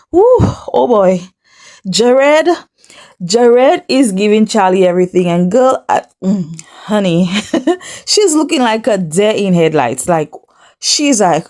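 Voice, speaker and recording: Speaking right to the viewer, this sassy host talks through a reality TV recap with lots of animation, impersonating the people she quotes. Her voice is mid-range and her pace slow.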